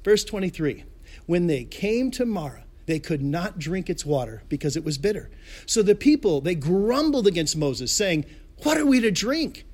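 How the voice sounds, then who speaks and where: A male pastor delivering an online sermon in a high, lively voice that leaps up and down in pitch. He tells the story playfully, tosses in pop-culture jokes and chuckles between lines. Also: normal speed.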